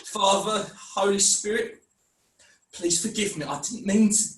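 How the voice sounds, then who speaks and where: A man voicing a guilt-ridden, self-doubting young man in an online script reading, halting and anguished. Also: high voice. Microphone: video call mic. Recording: echoey room, mic at a distance.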